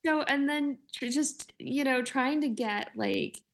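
This forties-aged woman tells chatty, laugh-filled stories loaded with fillers in casual conversation. Her voice is high-pitched, slow, and creaky, with a little hiss or hum in the background.

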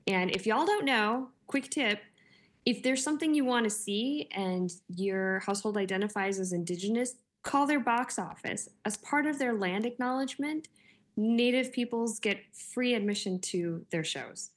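Her voice is fairly high and moves at a moderate pace as this woman in her forties talks informally. She's a chatty storyteller who laughs often and leans on lots of fillers.

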